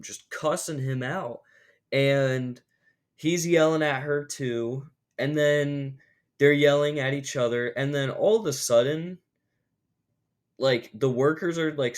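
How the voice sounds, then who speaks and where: A young man vlogging, telling a story in a rambling, casual way with lots of filler words. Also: mid-range voice. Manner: rambling, animated, lots of "like" fillers, acts out quotes.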